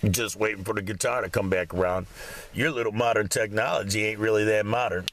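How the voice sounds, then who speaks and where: A man's voice: fairly low pitch, steady tone, a little fast, a bit bright, slight background noise. A man ranting to his viewers from a cold room at home, swearing constantly and rambling in a heated monologue. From Michigan. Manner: profane, swearing heavily, rambling. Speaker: vlogger.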